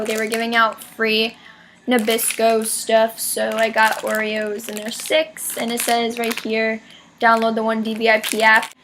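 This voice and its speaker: Chatty teen girl with a high voice. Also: fairly bright tone, a little hiss or hum. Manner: gushing and chatty, many "like" fillers. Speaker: vlogger. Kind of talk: excited concert haul storytelling.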